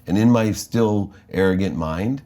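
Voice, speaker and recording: An American man, a guest in an interview, telling an animated story about his life and acting out the dialogue. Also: lowish voice, unhurried. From United States.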